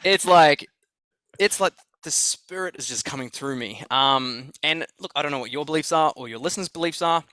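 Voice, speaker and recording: Bright-voiced excitable Australian man. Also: on the high side, fairly quick, hardly any pauses, no echo. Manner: excited, profane, repeats himself. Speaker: podcast guest. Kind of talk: conversational storytelling.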